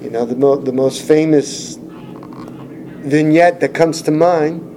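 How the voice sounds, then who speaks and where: A man's voice: fairly high pitch, slow, dark tone, a little hiss or hum, low-quality recording. A man preaching a Bible-teaching sermon, earnest and explanatory, rising to emphasis when he quotes scripture.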